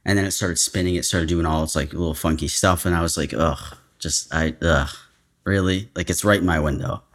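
A man talking as a guest in a casual chat, hesitant and halting with fillers. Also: sits low, steady tone.

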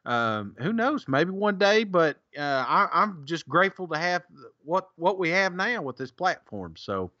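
A man co-hosts a casual podcast, reading listener reviews and laughing along. His voice is bright and high with a wide, animated swing. The recording is dry and a little dull. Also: a little slow, hardly any pauses, no echo. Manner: jokey, laughs often, reads reviews aloud. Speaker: podcast co-host.

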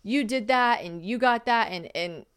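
A young woman hosting a podcast, chatting casually and telling lively stories, acting out quotes and swearing freely. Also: a little high, a little slow, clear, resonant tone. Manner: animated storytelling, acting out quotes, frequent swearing. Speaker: podcast host. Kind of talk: casual chat.

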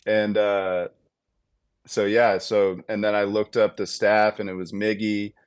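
A man's voice: on the low side, measured pace, clean tone, no echo, clean studio sound. A man in his thirties, a guest on a podcast, telling a long story in a casual way and acting out what each person said, with many fillers. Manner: animated, acts out quotes with lots of fillers. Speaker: podcast guest, baseball player.

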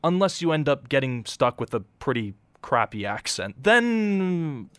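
A man's voice: mid-range voice, big pitch swings, a little slow, fairly bright tone, clean tone, no echo. A man co-hosting a radio show, bantering playfully and enthusiastically. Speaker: radio co-host. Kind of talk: casual radio talk.

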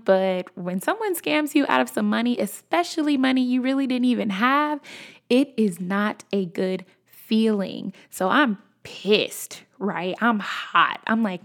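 A young woman in her twenties, hosting a podcast and telling a personal story in a casual, animated, chatty way, talking straight to her listeners. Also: fairly high pitch, measured pace, creaky. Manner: animated, conversational, addresses listeners as y'all. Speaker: podcast host.

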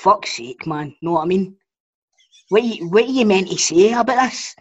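A man's voice: high-pitched, expressive, moderate pace, husky, highs cut off. A man, a podcast co-host, talking in sweary, ranting banter. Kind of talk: casual banter.

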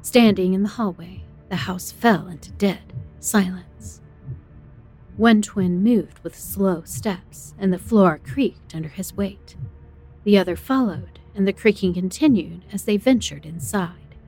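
A woman's voice: medium pitch, measured pace, mellow, husky, faint music behind. A woman narrating a first-person horror story in a tense, dramatic way.

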